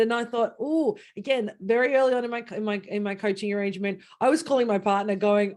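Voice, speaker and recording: A woman business coach hosting a casual conversation, animated and laughing often as she tells stories. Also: medium pitch, fast talker, hardly any pauses.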